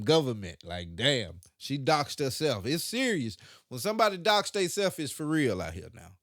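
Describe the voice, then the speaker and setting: A man's voice: medium pitch, no room sound, clean studio sound. A man hosting a reaction video, giving casual, slangy commentary and laughing between remarks.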